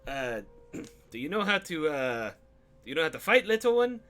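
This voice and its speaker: A man's voice: a little high, sing-song, normal speed, a bit bright, pitched above the performer's own voice. A man voicing a pompous nobleman adventurer who speaks in a grand, courtly, mildly condescending way.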